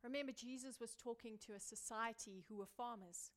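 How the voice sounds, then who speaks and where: A woman pastor preaching a sermon, building through repeated phrases and dropping from loud emphasis to a hushed near-whisper. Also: on the high side, fairly quick. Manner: repetitive rhetorical building.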